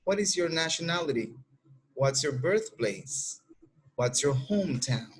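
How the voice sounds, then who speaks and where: A man's voice: on the high side, expressive, measured pace, breathy edge. A man from the Dominican Republic with a Dominican accent, a Spanish speaker teaching an English lesson and patiently modeling example answers. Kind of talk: classroom lesson explanation.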